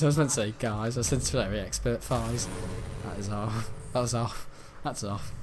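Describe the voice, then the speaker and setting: A man's voice: mid-range voice, moderate pace, few pauses, a little hiss or hum. A man giving rambling, jokey commentary over a video game, often breaking into giggles. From north-west England. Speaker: gaming channel host. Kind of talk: casual gameplay commentary.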